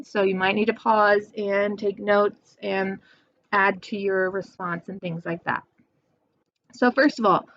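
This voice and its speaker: A young adult woman teaching a remote poetry lesson, talking slowly and clearly and spelling words out for her students. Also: medium pitch, a bit bright, dry recording, highs cut off.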